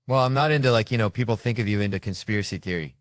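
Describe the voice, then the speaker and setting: Man, very low voice, dry close sound, rambling jokey storyteller, casual interview. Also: racing, no room sound. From United States. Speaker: comedian guest.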